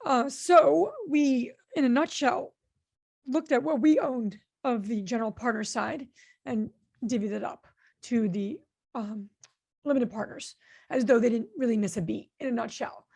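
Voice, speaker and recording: An earnest woman co-hosting a podcast, talking through a story in a loose, conversational way. Her voice has a gravelly fry, and she often pauses with fillers and restarts her sentences. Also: a little high, a little mellow. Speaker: podcast co-host and real estate investor.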